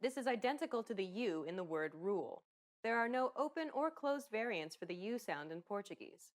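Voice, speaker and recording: A woman narrating a scripted pronunciation lesson in a clear, upbeat, explanatory way. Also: medium pitch, animated, fairly quick. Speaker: pronunciation instructor.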